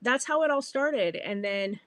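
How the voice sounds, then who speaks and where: A bubbly, middle-aged woman hosting a podcast, telling a personal story in a casual, animated way. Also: fairly high pitch, measured pace, dry recording. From California. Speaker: podcast host.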